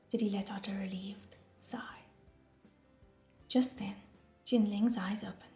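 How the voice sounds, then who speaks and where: A woman narrates an audiobook in a soft, hushed voice that often drops toward a whisper. Her pitch sits in the middle of the usual range. The room lends an echo, and faint instrumental music plays underneath.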